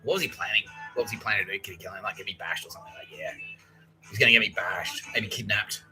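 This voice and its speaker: A man's voice: lowish voice, fast, over music, low-quality recording. A man with an Australian accent hosting a rambling, profane solo podcast monologue about conspiracies, often acting out other people's lines. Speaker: podcast host.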